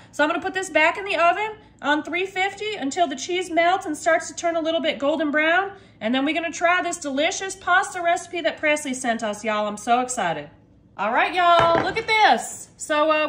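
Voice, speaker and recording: Chatty high-voiced woman cooking. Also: fairly bright tone. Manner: chatty, addresses viewers as y'all. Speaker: cooking vlogger. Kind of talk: casual cooking vlog. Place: home kitchen.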